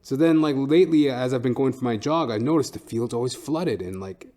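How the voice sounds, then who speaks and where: A man's voice: medium pitch, fairly quick, dark tone. A young man hosting his own podcast, a comedian ranting in a rambling, profane, filler-heavy way. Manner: rambling, swears constantly, lots of fillers and restarts. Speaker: podcast host and stand-up comedian. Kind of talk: casual profane comedic rant.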